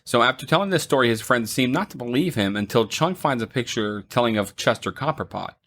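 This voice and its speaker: A young man co-hosting a casual movie review podcast, retelling the plot with frequent ums and quick laughs. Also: medium pitch, animated, fairly bright tone. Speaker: podcast co-host.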